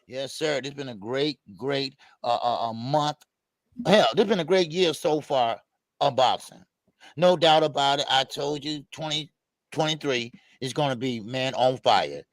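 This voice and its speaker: A man's voice: mid-range voice, unhurried, dry recording. A man co-hosting a casual boxing talk stream, greeting viewers by name with upbeat energy. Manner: hypes up, shouts out viewers by name. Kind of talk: casual live-stream chat.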